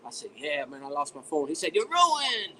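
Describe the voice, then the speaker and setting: A man's voice: on the high side, steady tone, quick pace, a bit bright, a little hiss or hum, low-quality recording. A man in casual chat as a guest, rambling and stammering, often repeating his words.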